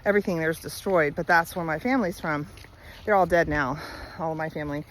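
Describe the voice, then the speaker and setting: A woman's voice: low voice, fairly quick, slight background noise, low-quality recording. A woman vlogger telling her life story in a candid, chatty way with many fillers and easy laughs, outdoors while walking her dog. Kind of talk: casual personal storytelling.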